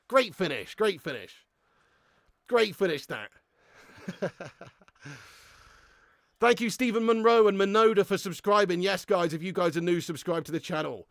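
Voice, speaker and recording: A young man hosting a live football watch-along, excitable and sweary, ranting and chatting with his viewers. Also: high-pitched, a little slow, pauses often, no room sound, clean studio sound. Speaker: host of a fan watch-along stream.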